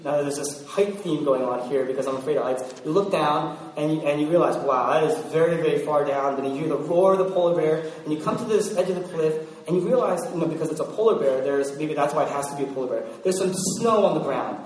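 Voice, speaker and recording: A male preacher delivers a sermon to his congregation. He tells stories with energy and acts out the voices of the people in them. His fairly high voice rings through a large echoing hall and is picked up from well back. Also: fast talker, few pauses. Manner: animated storytelling with acted-out voices. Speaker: pastor. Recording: echoey hall from far off.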